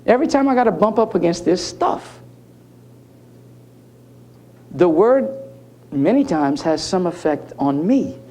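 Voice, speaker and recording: A man's voice: high-pitched, expressive, a little slow, pauses often, mellow. A man giving a conference talk, telling jokey stories and talking straight to the audience. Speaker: keynote speaker. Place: conference hall.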